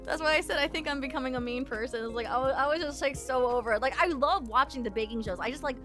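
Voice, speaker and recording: A young woman streaming live, chatting casually and rambling, laughing often and sometimes breaking into shouts. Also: sits high, quick pace, over music. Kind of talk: casual livestream chat.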